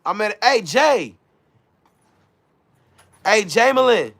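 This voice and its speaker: Hyped high-voiced man hosting a livestream. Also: big pitch swings, slow pace, creaky, a bit bright. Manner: hyped, loose slang, reads chat aloud. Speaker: livestream host. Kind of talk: casual livestream chat.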